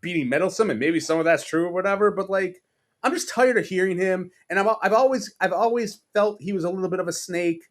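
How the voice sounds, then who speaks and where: Casting: man, New York accent, fired-up sports podcast rant, cursing freely, somewhat high voice. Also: fast talker. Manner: profane, exasperated ranting with mocking impressions. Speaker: podcast co-host.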